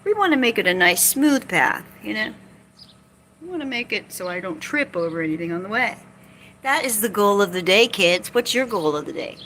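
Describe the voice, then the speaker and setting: A woman's voice: mid-range voice, sing-song, moderate pace, a bit bright, slight background noise. A woman with a Southern US accent chatting casually on a livestream, joking, folksy and a bit salty. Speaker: vlogger. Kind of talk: casual rambling livestream chat. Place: outdoors by a lake.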